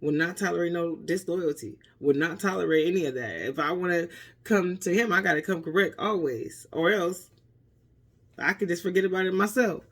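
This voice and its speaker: A woman's voice: fairly low pitch, moderate pace, slightly rough. A woman giving casual motivational advice in an earnest, emphatic way, repeating her points and often adding "you know" and "okay?". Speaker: motivational vlogger.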